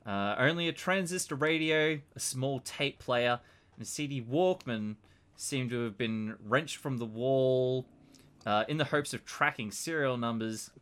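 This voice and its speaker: Male game master, bright, unhurried scene-setting narration. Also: medium pitch. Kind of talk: narrating a tabletop horror game.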